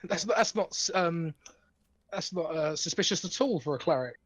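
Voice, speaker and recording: High, lively, excitable male player. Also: normal speed, no room sound. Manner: excitable, laughs easily, stammers. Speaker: new player. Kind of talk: casual chat at a gaming table.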